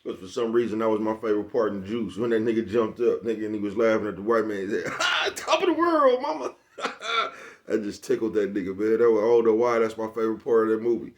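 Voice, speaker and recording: A man's voice: fairly low pitch, level tone, quick pace, few pauses, mellow, highs cut off. A man with a Bay Area accent talking casually to camera in a slangy, rambling monologue and laughing often. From San Francisco Bay Area. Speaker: vlogger.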